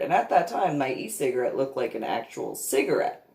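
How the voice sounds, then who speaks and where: A woman's voice: extremely low pitch, very animated, fairly quick, vocal fry, mellow. A woman vlogger telling a story in a chatty way, often laughing between lines. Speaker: reverend and vlogger. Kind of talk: casual storytelling monologue. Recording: echoey room.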